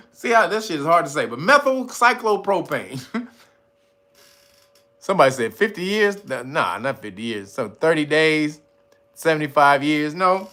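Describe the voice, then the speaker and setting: A man hosting a casual livestream, talking straight to his viewers in a profane, animated way, laughing often and reading out chat guesses. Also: on the high side, normal speed, long pauses. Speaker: host.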